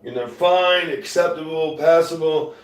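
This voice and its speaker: Loud-talking man, roomy and distant. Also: a little high, measured pace. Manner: loud talker, rambling with restarts. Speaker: musician streaming live. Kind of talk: casual chat to viewers. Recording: roomy sound, mic at a distance.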